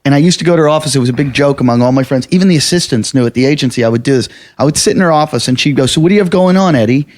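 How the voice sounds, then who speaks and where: A man's voice: mid-range voice, very fast, hardly any pauses. A man who does stand-up comedy, chatting casually and telling anecdotes while laughing along. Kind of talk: casual chat.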